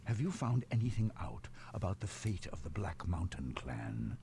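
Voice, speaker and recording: A man's voice: low voice, sing-song, moderate pace, mellow, slight background noise. An actor playing a proud, wrathful old dwarf king in a video game, with a commanding, suspicious manner.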